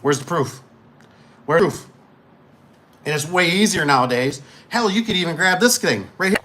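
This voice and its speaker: A man's voice: on the high side, expressive, normal speed, pushed and bright, slight background noise. A middle-aged man who owns a garage door business, talking casually and rambling as he acts out customers. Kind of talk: casual shop talk.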